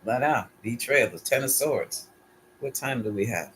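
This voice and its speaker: A man's voice: mid-range voice, animated, a little slow, fairly bright tone, a little hiss or hum. A man giving a casual solo tarot reading, musing aloud and putting questions to his pendulum. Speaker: tarot reader.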